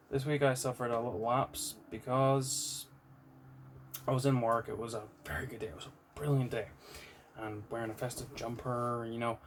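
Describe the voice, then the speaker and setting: A British man in an unscripted vlog, candid and rambling, swearing now and then. His voice sits at an ordinary middle pitch, with a faint hum of room noise behind him. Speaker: vlogger. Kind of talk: unscripted personal vlog monologue.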